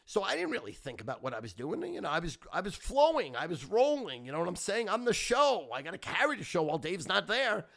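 Brief: middle-aged male podcast host, brash and profane, bright voice with lively swings in pitch. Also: fast talker, gravelly, few pauses. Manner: brash, profane, boastful and excitable. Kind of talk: casual storytelling monologue.

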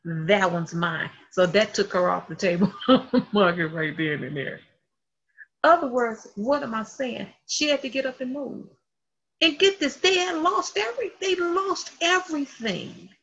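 A woman preaching a sermon with animated delivery, acting out the people in her stories. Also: sits high, measured pace. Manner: animated, acts out quotes in voices. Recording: dull lo-fi sound.

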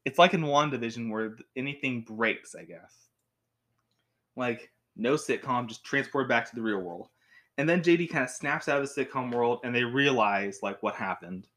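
A young man reviewing a show at home in a rambling, animated way, with frequent restarts. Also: medium pitch, normal speed. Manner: rambling, animated, with many restarts and acted quotes. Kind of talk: casual talk to camera. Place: home with a cat.

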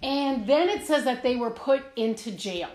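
A woman's voice: on the high side, animated, normal speed, a little mellow, roomy sound. A middle-aged woman hosting a casual devotional live stream from home, chatty and laughing, with many fillers. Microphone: camera at home, seated.

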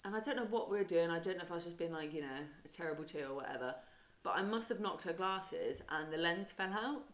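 Chatty young woman, lowish voice, echoey room. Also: fast talker. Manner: chatty, rambling storyteller, says mate a lot. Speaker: podcast co-host. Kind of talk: casual chat.

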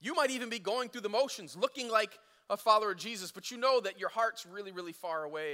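High bright-voiced preacher in a hall. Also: male voice, fast, few pauses. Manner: casual storytelling with acted quotes, swinging from loud to hushed. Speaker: pastor. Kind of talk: sermon.

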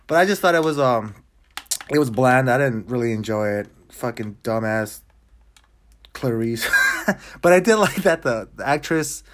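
A young man with a slightly high voice rambles casually to his viewers about movies he has watched. He swears constantly, trips over his sentences and fills the gaps with fillers. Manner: profane, loose and rambling, with many restarts and fillers. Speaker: vlogger talking to viewers.

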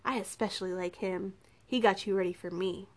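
A woman's voice: mid-range voice, steady tone, fairly quick, lightly acted. A woman voicing a cruel, mocking male captor in a storybook reading, taunting and menacing.

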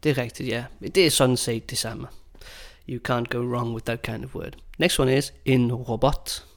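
A man's voice: medium pitch, fairly even intonation, gravelly. Upbeat curious male podcast host. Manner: upbeat, curious, slows down for learner-friendly phrasing. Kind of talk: casual podcast chat.

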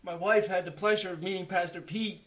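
Earnest high-voiced man giving testimony. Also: fairly even intonation, brisk, fairly bright tone. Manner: emotional, earnest, with many restarts and quoted dialogue. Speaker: church member giving testimony. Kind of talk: personal testimony to a church group.

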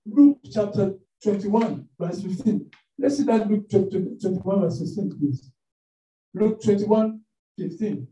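A man preaching a sermon in a church hall, telling stories in an animated way with many fillers. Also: high voice, measured pace. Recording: echoey room, mic at a distance.

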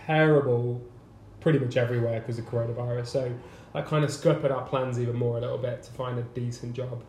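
A man's voice: mid-range voice, steady tone, fast talker, darkish tone. A man, co-hosting a casual podcast chat and teasing his co-host in a laid-back way. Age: 30s. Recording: echoey room, faint noise.

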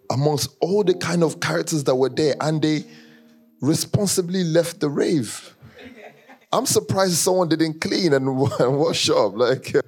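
Male church leader with an African accent, mid-pitched and gravelly, animated and teasing with the room, faint music underneath. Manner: animated, teasing, often laughing, chats with the audience. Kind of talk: casual joking talk to a congregation.

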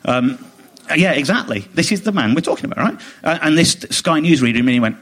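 A man's voice: on the high side, quick pace, breathy edge. Indignant man telling a story. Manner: animated, indignant, quotes others in mock voices. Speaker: comedian guest. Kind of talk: casual chat, storytelling.

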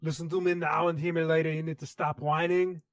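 A man's voice: fairly high pitch, level tone, a little fast, no echo, lightly acted. A man voicing a bossy male trainer who barks blunt, commanding orders.

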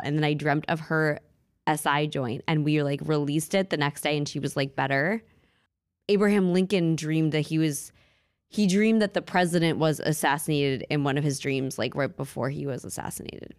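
A woman co-hosting a podcast, chatty and excitable, jumping in with reactions and her own stories. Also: low voice, clear, resonant tone, dry recording, clean studio sound. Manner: excitable, quick to jump in with gasps and reactions. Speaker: podcast co-host. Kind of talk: casual chat.

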